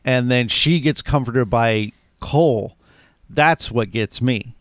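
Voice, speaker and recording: A man's voice: mid-range voice, takes it slowly, fairly bright tone, no room sound, clean studio sound. A man co-hosting a podcast, talking animatedly about a film and acting out lines from its scenes. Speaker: podcast co-host. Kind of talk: casual film discussion.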